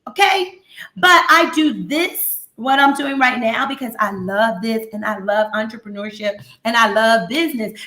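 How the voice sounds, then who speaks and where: A woman's voice: on the high side, a little slow, bright, forceful tone, echoey room. A woman accountant hosting a business talk show, talking straight and playfully with slang and repeats. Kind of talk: lively casual talk.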